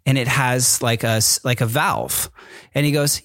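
A man's voice: medium pitch, steady tone, unhurried, fairly bright tone, no echo, studio quality. A man hosting a podcast, telling a personal story in a rambling, casual way with many fillers and restarts. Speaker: podcast host. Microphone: microphone with camera.

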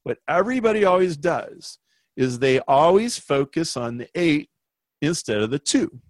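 A man, a business consultant guest, telling a story in an interview with emphatic, animated delivery. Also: a little high, normal speed, no room sound. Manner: animated, emphatic, acts out quoted voices.

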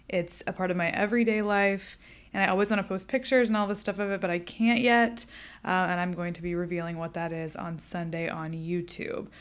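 Chatty candid woman podcast host. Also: fairly low pitch. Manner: chatty, candid, swears and laughs often. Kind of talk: casual solo podcast chat.

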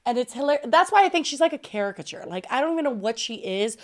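A woman's voice: high-pitched, very animated, quick pace. Profane, outspoken young woman co-host. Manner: profane, outspoken, laughs often. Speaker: podcast co-host. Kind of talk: casual chat.

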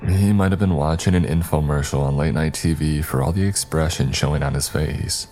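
A man narrating a scary story in a steady, even storytelling manner. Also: very deep voice, brisk, slight background noise. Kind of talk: scripted narration.

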